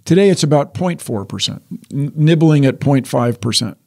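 A man's voice: medium pitch, lively intonation, normal speed, vocal fry, a little mellow. An older man explaining science in a casual chat, wry and explanatory, often restarting sentences. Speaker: science guest.

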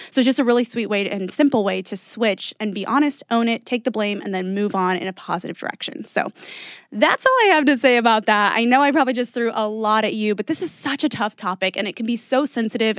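A woman's voice: fairly high pitch, no echo. Chatty woman podcast host, dry mic. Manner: chatty, encouraging, lots of fillers. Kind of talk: casual advice talk.

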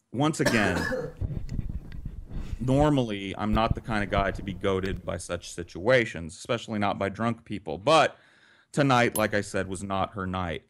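A man telling a wild story on a podcast, casual, profane and vivid, with an animated delivery. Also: lowish voice, measured pace.

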